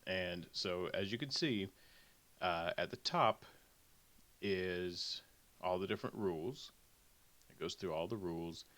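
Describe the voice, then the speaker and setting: A man's voice: sits low, a little slow, pauses often, fairly bright tone. A male teacher talking casually through a recorded online lesson, with lots of okays and ums. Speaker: Spanish teacher.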